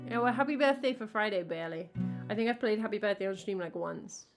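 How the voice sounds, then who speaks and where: A woman from England on a live music stream, singing folk songs and then chatting casually with her viewers. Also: mid-range voice. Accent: English. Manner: sings folk songs in a put-on accent, then chats quickly and casually with chat. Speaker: singer-songwriter streamer. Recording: long reverb over loud guitar. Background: guitar accompaniment.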